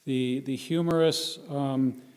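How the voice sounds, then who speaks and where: A man's voice: medium pitch, steady tone, takes it slowly, smooth. A man, telling anecdotes from a volunteer mission to a congregation and acting out the quotes. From United States. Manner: warm anecdotal storytelling with acted quotes. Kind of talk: storytelling to a congregation. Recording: hall reverb.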